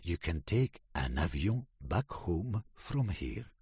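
A man reading as a friendly sleigh driver from a storybook. His voice is husky and slow, close to the reader's own, with a kindly, plain tone. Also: deep voice, big pitch swings, a little mellow, no echo, full character voice.

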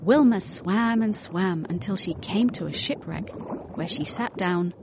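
A woman reading a children's storybook aloud with an expressive manner. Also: on the low side, a little slow, highs cut off, noisy background.

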